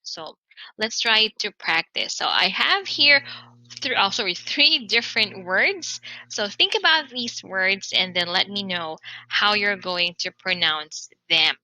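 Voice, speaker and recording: A woman teaching an online English pronunciation lesson, speaking clearly and encouragingly and repeating model words slowly. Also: medium pitch, expressive, pushed and bright, no room sound, poor audio.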